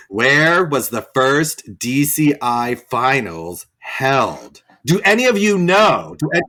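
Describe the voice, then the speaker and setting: A man's voice: mid-range voice, big pitch swings, slow, pushed and bright. A man co-hosting a casual podcast, running a quiz in a playful way and laughing often. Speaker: podcast co-host.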